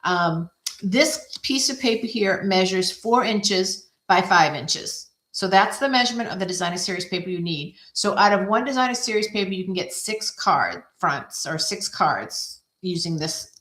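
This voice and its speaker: A woman talking through a card-making project in a relaxed, chatty way, laughing at her own slips as she works. Her voice sits at an ordinary middle pitch. The room around her rings with noticeable echo. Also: normal speed. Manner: chatty, self-deprecating, thinks aloud while working. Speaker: craft video host. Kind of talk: casual craft demonstration. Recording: echoey room.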